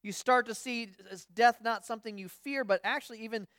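Woman pastor, casual sermon, storytelling, restarts, high voice, dry close sound. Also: fairly quick, fairly bright tone, no echo. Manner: storytelling, frequent restarts, acts out quoted voices. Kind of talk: conversational sermon.

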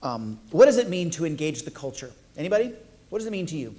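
A man's voice: fairly high pitch, big pitch swings, quick pace, mellow. A man preaching a sermon, playful and jokey, talking directly to the congregation. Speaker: pastor.

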